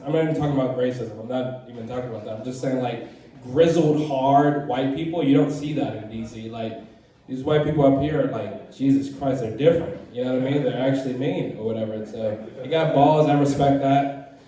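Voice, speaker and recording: A man's voice: medium pitch, fairly quick, warm tone, recorded from a distance. A young man from Washington, D.C. doing his first stand-up set, rambling and profane, with lots of fillers and restarts. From Southeast Washington, D.C. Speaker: first-time stand-up comedian. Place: comedy club stage, open mic. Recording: very echoey room, voice from afar.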